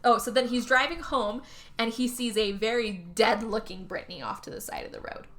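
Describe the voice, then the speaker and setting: A woman's voice: a little high, a little fast. A woman co-hosting a podcast, recapping a movie in casual chat and acting out the characters as she goes. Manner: animated retelling, acting out characters with swearing and laughs. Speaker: podcast co-host.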